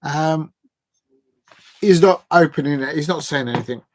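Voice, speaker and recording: A man's voice: fairly high pitch, moderate pace, no room sound. A man hosting a live football transfer show, chatty and hesitant, with lots of fillers as he reads out quotes.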